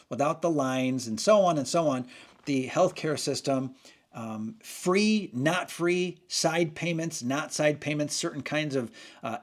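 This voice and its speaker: A man hosting a casual opinion monologue, rambling and often stopping to correct himself. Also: a little high. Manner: rambling, frequent restarts and self-corrections. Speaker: channel host.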